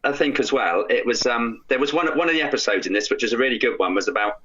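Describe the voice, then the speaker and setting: Male co-host, husky and bright, rambling chatter, dull lo-fi recording. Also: medium pitch, fast. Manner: rambling, many restarts and fillers. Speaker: podcast co-host. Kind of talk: casual chat. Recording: dull lo-fi sound.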